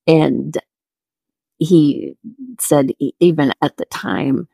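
A middle-aged woman co-hosting a podcast, telling a story in an animated way, laughing often and breaking off her own sentences. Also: sits low, drawn-out words, creaky, slightly rough, dry recording. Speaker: podcast co-host. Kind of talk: casual storytelling.

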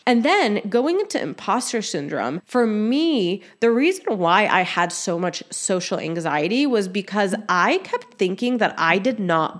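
Casual woman podcast host, 30s, mid-pitched, rambling and candid, lots of "like" fillers. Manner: chatty, many "like" fillers, acts out quoted voices. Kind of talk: casual solo podcast talk.

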